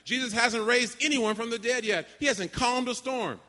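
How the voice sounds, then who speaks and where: A man preaching a sermon to graduates, emphatic, with dramatic pauses and call-and-response. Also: very high voice, bright, forceful tone. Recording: long hall reverb.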